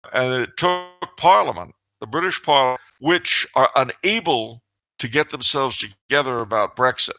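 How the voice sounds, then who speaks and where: A middle-aged man spins a story in casual talk-show banter, full of mock indignation as he acts out both sides of the dialogue. His voice is gravelly and bright, with a forceful edge, and it sits close and dry on the mic. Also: mid-range voice, dry recording. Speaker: podcast co-host.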